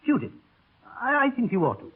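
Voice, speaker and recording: Brief: anxious, pleading doctor, animated and raspy, old radio play. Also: male voice, very high voice, a little fast, heavily acted. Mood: urgent. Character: worried, pleading family doctor. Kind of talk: 1930s radio drama acting. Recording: tinny old radio broadcast.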